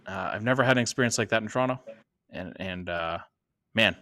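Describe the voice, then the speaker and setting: Low-voiced man in a dry recording. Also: fairly quick, bright, forceful tone, no echo. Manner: hesitant, many restarts and fillers. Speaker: podcast co-host. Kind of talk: casual sports chat.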